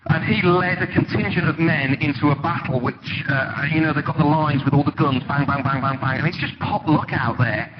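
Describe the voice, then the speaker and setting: A man preaching a sermon in a church, conversational and animated, telling stories with sudden dramatic emphasis. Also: a little high, normal speed, few pauses. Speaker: pastor. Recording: dull, lo-fi with loud background noise.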